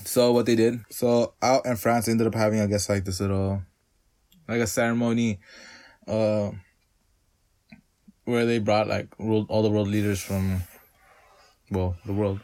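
A man's voice: on the low side, flat delivery, a little slow, pauses often, a little mellow. A man co-hosting a casual chat, loose and profane, joking around.

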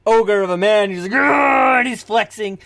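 A woman narrating as game master with a strained voice, animated and prone to shouted character voices. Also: medium pitch, brisk. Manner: animated, bursts into shouted announcer and wrestler voices.

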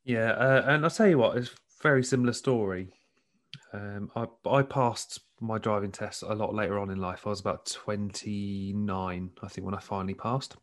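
A man's voice: fairly low pitch, steady tone, moderate pace. A man co-hosting a casual chat, telling stories in a laid-back way. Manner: laid-back storytelling with laughs. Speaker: podcast co-host.

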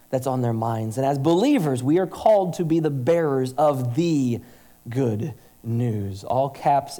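A man's voice: a little high, warm tone. A man preaching a sermon as pastor, earnest and emphatic, leaning on rhetorical questions.

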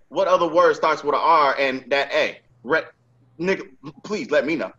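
A man's voice: on the high side, expressive, a little fast, bright, forceful tone, muffled recording. A male podcast host telling a story in casual chat, emphatic and profane, with heavy street slang.

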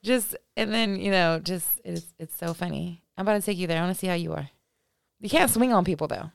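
Woman co-host, lowish gravelly voice, casual swearing chatter, laughs a lot. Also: a little fast. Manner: laughs often, swears freely. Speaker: podcast co-host. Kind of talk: casual chat.

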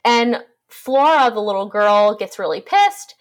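A woman in a relaxed podcast chat, recapping a plot with irreverent asides and plenty of swearing. She speaks at an ordinary, middle pitch and keeps a loose, joking rhythm throughout. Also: measured pace. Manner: irreverent, swears freely, plot summary with jokes. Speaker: podcast co-host. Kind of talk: casual book discussion chat.

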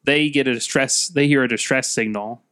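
A man's voice: mid-range voice, normal speed, fairly bright tone, clear, resonant tone. A man in casual chat about movies, laying out ideas step by step and acting out quotes for fun. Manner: lays out ideas step by step, acts out lines for fun.

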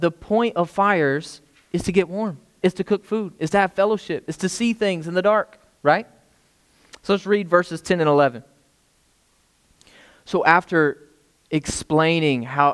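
A man's voice: fairly high pitch, clear, resonant tone. A man preaching a sermon as pastor, talking conversationally, repeating phrases and often checking in with the congregation.

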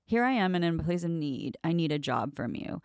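Female host, deep-voiced, frank and blunt, swears freely, dry close mic. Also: very animated, brisk, no echo. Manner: candid, blunt storyteller who swears freely. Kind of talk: casual interview chat.

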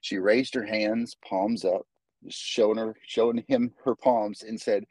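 A man with a fairly low voice, guest on a casual podcast, explaining martial arts to the host. He tells stories animatedly, restarting phrases as he goes, and the sound is dry with no room echo. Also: unhurried, breathy edge. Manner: animated storyteller, many restarts. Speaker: jiu-jitsu instructor, guest.

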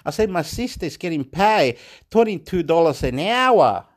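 A man's voice: a little high, very animated, unhurried. A man talking in a rambling, repetitive and emotional monologue to camera.

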